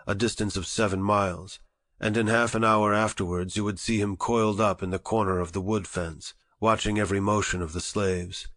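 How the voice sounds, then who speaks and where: A man narrating an audiobook in a measured, formal reading style. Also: lowish voice, fairly bright tone. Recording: long reverberant echo.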